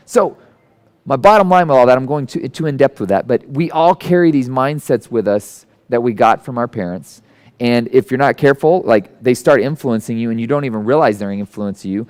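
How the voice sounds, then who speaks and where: A guest speaker in a church hall gives a conversational sermon, telling stories and acting out their characters with sudden leaps into a high voice. He talks a little fast, with a slightly mellow quality.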